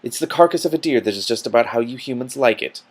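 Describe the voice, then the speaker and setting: A man reading aloud and voicing a gentle, melancholy male water troll who speaks in a mild, measured, sorrowful way. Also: mid-range voice, expressive, lightly acted.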